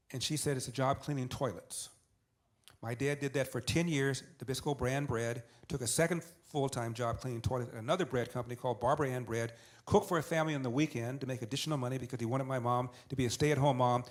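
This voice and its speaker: A man's voice: mid-range voice, fast talker. Older man telling a family story. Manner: animated storyteller who acts out dialogue and repeats for emphasis. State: tearing up. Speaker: guest. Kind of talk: storytelling in an interview.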